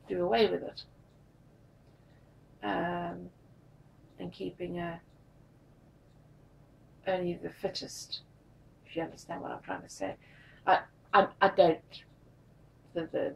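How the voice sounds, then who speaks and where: A tired, drained woman telling a personal story in a confessional vlog, halting and repeating her words. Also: on the low side, gravelly, a little mellow, distant mic, poor audio. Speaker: vlogger.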